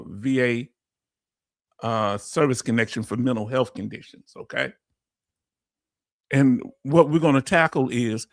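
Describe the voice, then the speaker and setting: A man from Houston with a Houston, Texas accent, hosting a casual live-stream explainer in an energetic, folksy way and calling his audience family. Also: medium pitch, no echo, clean studio sound. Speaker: host.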